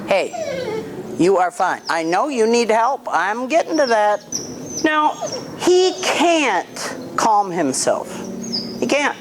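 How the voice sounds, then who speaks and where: A woman's voice: on the high side, very animated, takes it slowly, a little hiss or hum. A woman dog trainer coaching an owner in a hands-on session, blunt and firm, snapping commands at the dog.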